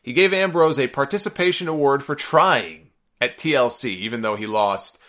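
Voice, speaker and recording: A man hosts a solo podcast, running through the week in a bright, forceful voice. He is opinionated and sarcastic, and he gets exasperated and worked up along the way. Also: medium pitch, moderate pace. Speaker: podcast host.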